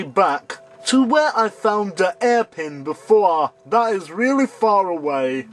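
A man plays a horror game and talks over it, dry and sarcastic, then breaks into shrieks when he gets scared. His voice is high and swings widely. Between the bursts he talks slowly. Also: very animated, slight background noise. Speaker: let's play gamer. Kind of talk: game commentary.

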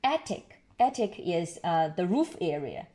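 A woman reading a picture book aloud to a child, gently explaining words along the way. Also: on the low side, sing-song, measured pace. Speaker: storyteller.

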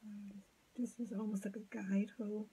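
A woman giving a step-by-step sculpting tutorial, thinking aloud as she works, halting and often dropping to a murmur. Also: medium pitch, flat delivery, heavy background noise. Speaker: sculpting teacher.

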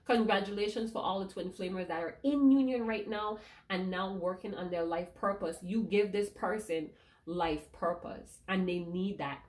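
A woman's voice: mid-range voice, normal speed, a little mellow. A woman giving an emotional tarot reading to her viewers, speaking emphatically and repeating key lines. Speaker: tarot reader.

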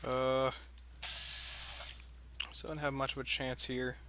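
A young man narrating his gameplay in a goofy, excitable way, often talking to himself. His voice sits at a middle pitch. A faint noise runs under the recording. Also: takes it slowly. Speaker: let's play gamer. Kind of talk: casual gameplay commentary.

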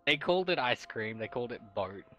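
Low-voiced, animated woman gamer. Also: brisk, soft background music. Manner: animated, teasing, laughs at her own news. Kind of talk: casual gaming voice chat.

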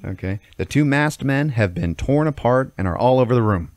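A man's voice: mid-range voice, animated, normal speed, darkish tone, dry recording, clean studio sound. A man on a podcast, telling a long story in casual chat, swearing a lot and checking in with "okay?" after each beat. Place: podcast studio.

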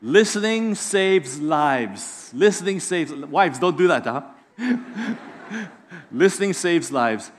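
High-voiced lively pastor. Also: male voice, slow. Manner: lively preacher, acts out voices in anecdotes. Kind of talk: sermon.

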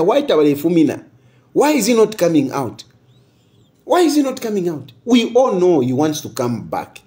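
A man's voice: high voice, warm tone. A Zambian man giving impassioned political commentary, repeating his points and firing off rhetorical questions. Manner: emphatic, repeats phrases, switches between English and local languages.

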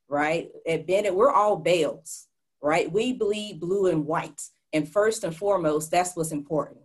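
A woman who teaches psychology, speaking as a panelist in a webinar and giving direct, emphatic advice. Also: lowish voice. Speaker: psychology professor. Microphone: video call.

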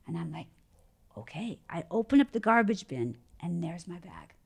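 A woman, telling a personal story in casual chat and quietly acting out an inner voice. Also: fairly low pitch, normal speed, gravelly, slightly rough. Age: 60s. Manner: animated storyteller, acts out her inner voice softly.

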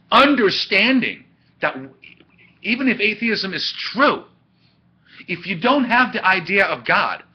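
Lively husky man lecturing over webcam. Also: sits high. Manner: chatty, animated with asides and laughs. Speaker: teacher. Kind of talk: classroom lecture. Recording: dull lo-fi webcam audio.

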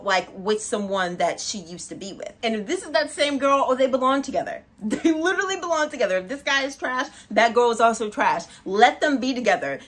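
A woman hosting a music reaction video, talking in a casual, chatty way full of "like" and quick laughs. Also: a little high. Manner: chatty, animated, frequent "like" and laughs. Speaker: music reaction channel host.

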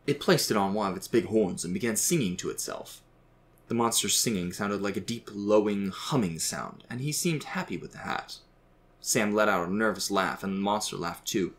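A man reading a fictional holiday story aloud in an even, gentle storytelling manner. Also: on the low side, normal speed. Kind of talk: scripted story narration.

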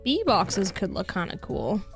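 A woman's voice: medium pitch, sing-song, a little slow, gravelly, soft background music. A Canadian woman streaming a game, chatting casually with her viewers and reading their messages aloud. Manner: chatty, reads chat aloud, laughs easily. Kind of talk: casual chat while gaming.

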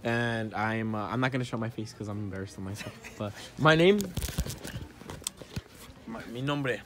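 A man's voice: fairly low pitch, animated, a little fast, a bit bright. Rambling teenage boy vlogging on his phone. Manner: rambling, stumbling, laughing a lot. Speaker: vlog host. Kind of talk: casual chat. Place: clothing store.

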